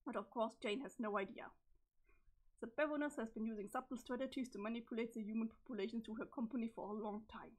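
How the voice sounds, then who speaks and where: A woman reading the part of a calm, cryptic teenage boy from the future in a webcomic, in a flat, measured delivery with a strained voice. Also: a little high, lightly acted. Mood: deadpan. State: strained, failing voice. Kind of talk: reading a webcomic's chat logs aloud.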